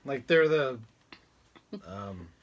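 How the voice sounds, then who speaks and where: A man's voice: mid-range voice, lively intonation, extremely slow, lo-fi sound. A man co-hosting a casual podcast, chiming in with dry jokes. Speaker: podcast co-host. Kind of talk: casual chat.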